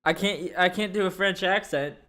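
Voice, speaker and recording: A man's voice: sits high, moderate pace, bright, forceful tone. A man giving playful reaction commentary while playing a game, joking, swearing and mimicking characters. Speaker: gaming streamer.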